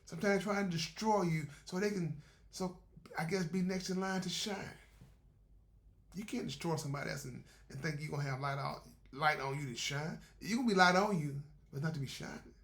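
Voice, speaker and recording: A man's voice: a little high, brisk, a bit bright. Man giving a preacherly motivational talk. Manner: repetitive, conversational, preacherly. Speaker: motivational speaker. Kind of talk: faith-based motivational talk.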